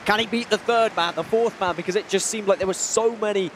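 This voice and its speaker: A man's voice: high-pitched, fast talker, fairly bright tone, a little hiss or hum. A man providing colour commentary on an esports football match, explaining play in a chatty, analytical way.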